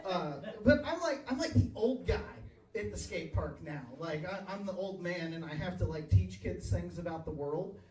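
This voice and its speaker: A man's voice: high voice, expressive, moderate pace, a little mellow. A man in his thirties performing a crude, self-mocking stand-up set in a small tavern, chuckling at his own jokes. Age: 30s. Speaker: stand-up comedian. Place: small tavern stage, live audience. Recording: echoey bar, voice from far off.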